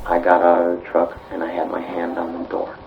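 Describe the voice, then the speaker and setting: Male witness, very deep voice, muffled lo-fi tape; terse answers. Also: completely flat delivery, fairly quick, a little hiss or hum. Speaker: witness in an archived police interview. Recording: dull lo-fi archive tape.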